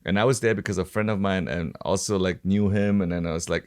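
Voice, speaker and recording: A man's voice: low-pitched, steady tone, quick pace. A man of about forty from Germany with a German accent, a podcast host telling a rambling story in casual chat, full of restarts and fillers. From Stuttgart, Germany.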